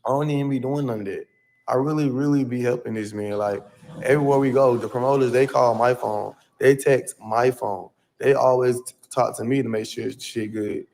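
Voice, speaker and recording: Man, mid-pitched voice, rambling livestream story, slangy, repeats himself. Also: steady tone, normal speed, vocal fry, darkish tone.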